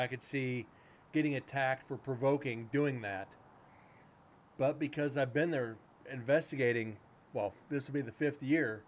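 A man's voice: mid-range voice, slight background noise. A man hosting a paranormal livestream, chatting casually in a loose, rambling way with some swearing. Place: home room with a cat nearby.

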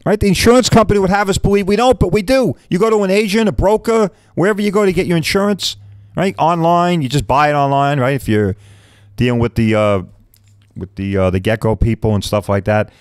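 A man's voice: on the high side, fairly quick, no room sound. A man in his fifties, a podcast host, talking casually and bluntly, rambling and mild swearing, often asking "right?". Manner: chatty, keeps asking "right?".

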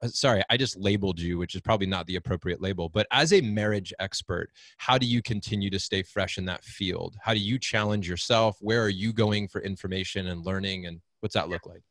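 A podcast host, a man with a fairly low voice, who talks with eager, emotional energy. He asks questions and reacts with open enthusiasm. His voice is recorded close and dry. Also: brisk, hardly any pauses, fairly bright tone, no room sound. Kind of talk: podcast interview.

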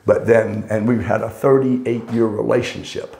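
A man's voice: on the low side, little pitch movement, moderate pace, gravelly, warm tone. An older man telling rambling, wry anecdotes in casual conversation, often correcting himself mid-sentence. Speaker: storyteller guest. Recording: roomy echo.

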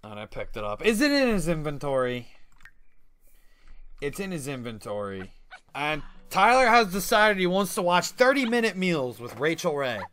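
Man, excitable gamer host, swooping bright voice, quick to laugh, casual slang. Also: a little high. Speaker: YouTuber playing a life-sim game. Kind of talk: casual let's-play commentary.

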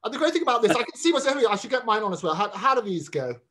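A man's voice: high voice, very animated, very fast, pushed and bright. A man hosting an interview, enthusiastic and often restarting his sentences. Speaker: talk show host.

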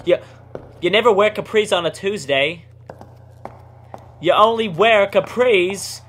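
A man's voice: high-pitched, big pitch swings, moderate pace, over a noisy crowd, very noisy. A man narrating his horror game playthrough, swearing and joking, then breaking into panicked screams. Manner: profane, jokey, panicky screaming. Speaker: gaming video creator. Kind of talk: horror game let's-play commentary.

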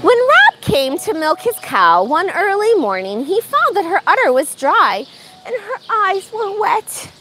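Woman, picture-book read-aloud, expressive, high voice, barn ambience. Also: measured pace, background noise. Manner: animated, expressive. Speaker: farm storytime reader.

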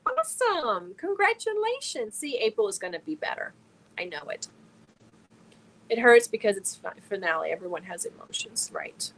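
A woman's voice: lowish voice, normal speed, creaky, poor audio. A woman from Germany hosting a casual crochet livestream, talking earnestly and emotionally while reading viewer comments aloud. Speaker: crochet channel host.

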